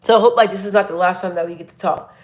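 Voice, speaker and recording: A woman's voice: mid-range voice, rapid-fire. Woman from Arizona, casual livestream host, rambling chatty delivery, mid-range voice. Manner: chatty and rambling, full of "like" fillers. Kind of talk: casual livestream chat with viewers.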